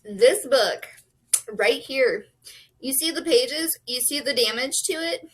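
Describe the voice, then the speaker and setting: A young woman chatting casually to camera as a book vlogger, bubbly and excitable, full of "like" and "um". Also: high voice, slow, breathy edge, rough recording.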